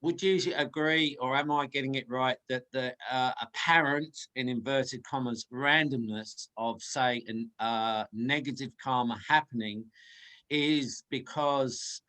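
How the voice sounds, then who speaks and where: A man's voice: medium pitch, unhurried, bright, forceful tone, poor audio. A man asking his teacher a question, hesitant and thinking aloud.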